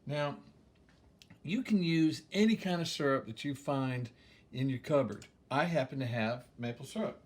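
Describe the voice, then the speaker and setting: In a darkish, mid-range voice at normal speed, a home cooking show host rambles casually through a recipe, chuckling and filling gaps with "um." He's recorded from a distance in a roomy home kitchen.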